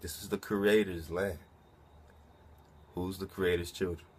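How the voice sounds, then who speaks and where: A man with a low, husky voice reads a legal-sounding document slowly, then breaks off to comment on it. He talks casually and keeps asking rhetorical questions. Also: fairly even intonation, darkish tone. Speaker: commentator reading a document aloud.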